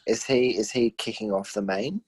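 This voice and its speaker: A man's voice: on the low side, moderate pace, darkish tone, breathy edge, dry recording, low-quality recording. An Australian man co-hosting a podcast over a remote call, chatting easily about fights. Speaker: podcast co-host. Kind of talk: casual sports chat.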